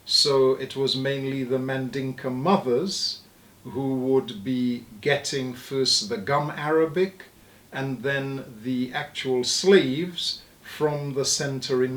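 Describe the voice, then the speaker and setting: A man who is a linguist, explaining word origins in an interview in a measured, lecturing way. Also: mid-range voice, fairly bright tone, roomy sound.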